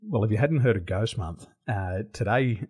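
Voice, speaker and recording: An Australian man chats as a podcast guest. His voice sits low and carries a husky grain. He tells animated stories and laughs often. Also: moderate pace. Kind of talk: casual interview storytelling. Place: home in Taiwan.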